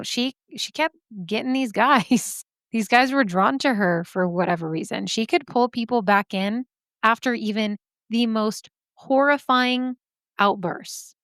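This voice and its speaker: A woman's voice: mid-range voice, a bit bright, smooth, dry recording, clean studio sound. A woman hosting a true-crime podcast, telling the story casually with sassy asides and frequent laughs. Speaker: podcast host.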